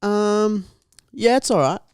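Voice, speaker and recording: A man's voice: high-pitched, slow, smooth, no room sound, clean studio sound. A young man co-hosting a podcast, telling rambling stories in casual chat, swearing freely. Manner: swears freely, rambling storytelling, laughs often. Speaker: podcast co-host.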